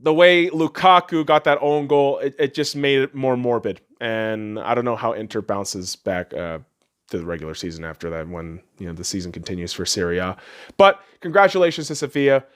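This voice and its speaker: Excitable young man ranting about sports. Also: fairly quick, smooth. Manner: excitable, swings from low mutters to loud outbursts. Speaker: podcast host. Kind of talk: profane sports rant.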